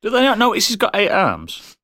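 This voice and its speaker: A man, co-hosting a casual podcast and dropping deadpan, crude wisecracks. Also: sits high, a little fast. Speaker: podcast co-host. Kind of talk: casual chat.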